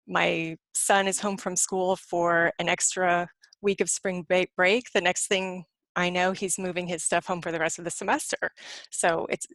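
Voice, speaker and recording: A middle-aged woman, a clinical social worker and spiritual counselor, giving a live webinar talk from home in a quick, rambling, conversational way with lots of fillers. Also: on the low side, a bit bright, no echo.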